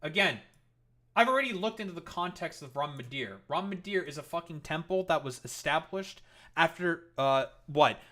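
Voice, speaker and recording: A man's voice: fairly high pitch, animated, normal speed, sharp tone. A man streaming live and commenting in a heated, profane and sarcastic rant.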